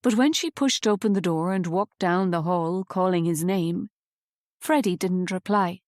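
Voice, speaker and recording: A woman reading a novel aloud as an audiobook narrator, in a measured, even storytelling manner on a close studio mic. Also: on the low side, dry recording.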